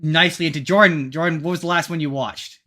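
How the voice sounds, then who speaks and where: Bright-voiced male podcast host. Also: a little high, steady tone, fast talker. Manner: rambling, restarts often. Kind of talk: casual chat.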